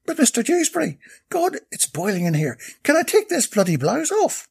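A man voicing a flirty, pushy Irish saleswoman in a high falsetto with a gravelly edge. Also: huge pitch swings, moderate pace, no echo, clean studio sound, exaggerated voice. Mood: wheedling. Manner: high put-on falsetto, wheedling.

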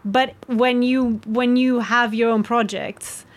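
A young woman from Romania, a guest talking frankly and lively in a casual interview. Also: fairly high pitch, slow pace. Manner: lively, frank, laughs easily. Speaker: guest, actress and writer.

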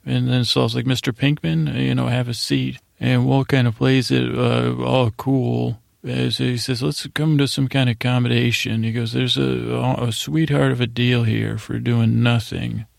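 A man hosting a bedtime podcast, rambling through a TV episode recap in a low-key, filler-heavy way. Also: normal speed, creaky, hardly any pauses, no echo, studio quality. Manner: rambling, monotone retelling with lots of fillers. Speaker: podcast host.

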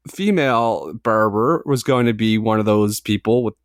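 A man's voice: fairly low pitch, normal speed, no room sound, studio quality. A man in his forties, a podcast co-host telling a long, self-mocking story in a casual chat, with filler words and the odd swear. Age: 40s.

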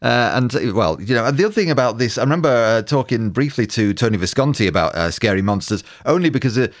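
A man's voice: mid-range voice, expressive, quick pace. A man co-hosting a casual music podcast, recounting anecdotes and reading passages aloud. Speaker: podcast co-host. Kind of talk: casual chat about music history.

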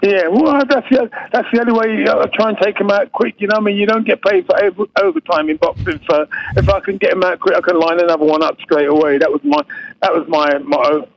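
A man's voice: high-pitched, steady tone, fast talker. A man in his fifties from England, guesting on a sports podcast, who laughs easily and repeats himself. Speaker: guest boxer. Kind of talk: casual interview chat. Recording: dull lo-fi line, faint noise.

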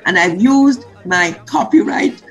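Older woman telling a lively story. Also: mid-range voice, takes it slowly, rough recording. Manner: animated, acts out quotes. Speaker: guest recounting film memories. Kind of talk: storytelling interview.

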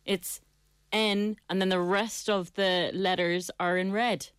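A woman's voice: medium pitch, fairly even intonation, slow, clear, resonant tone, dry recording, clean studio sound. An Irish woman co-hosting a radio show, bantering and laughing easily. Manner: laughs easily, argues her point. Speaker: radio co-host. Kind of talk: playful banter.

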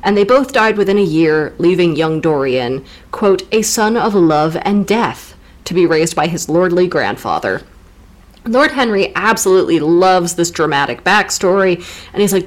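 Lively, teasing woman podcast co-host. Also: fairly low pitch, moderate pace. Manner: playful, teasing, deadpan jokes. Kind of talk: casual literary recap chat.

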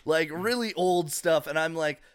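A man's voice: a little high, a little slow, clean tone, no echo, studio quality. A man co-hosting a comedy podcast, telling rambling stories in casual chat and slipping into playful impressions. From Canada. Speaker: podcast co-host.

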